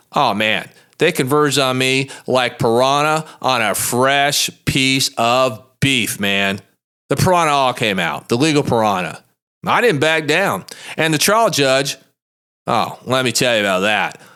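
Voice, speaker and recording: A lawyer hosting his own monologue podcast tells a story in a blunt, folksy, emphatic way. His voice is medium-pitched, smooth, with a sharp tone, and his manner is plain-spoken.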